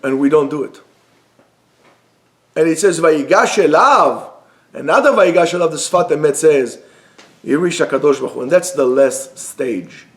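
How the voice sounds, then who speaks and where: Male rabbi, sermon class, gravelly higher voice, earnest, emphatic then hushed. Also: moderate pace, long pauses. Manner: earnest, swings from emphatic to soft and calm. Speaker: rabbi teaching Torah. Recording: echoey room.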